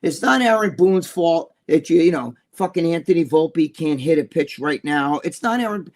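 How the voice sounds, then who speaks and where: An older man co-hosting a podcast, telling a story in a profane, animated way and laughing as he goes. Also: on the high side, normal speed. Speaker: podcast co-host. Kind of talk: casual storytelling chat.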